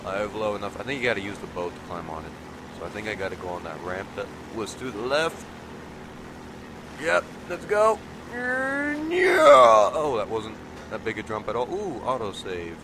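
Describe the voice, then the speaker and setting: A teenage boy with a nasal, stuffy voice from allergies, giving excitable let's play commentary and yelping at sudden moments. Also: fast, background noise. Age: teens. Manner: excitable, yelps and shouts in sudden pitch jumps. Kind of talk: casual gameplay commentary. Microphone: desk mic resting on a table.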